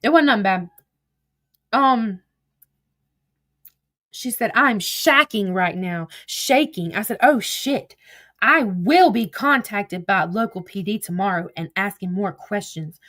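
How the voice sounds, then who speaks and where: A woman's voice: medium pitch, very animated, measured pace, fairly bright tone. A woman casually retelling a text conversation, reading each message aloud as "I said, she said" and swearing freely. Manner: swears freely, blunt and exasperated. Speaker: vlogger retelling online drama.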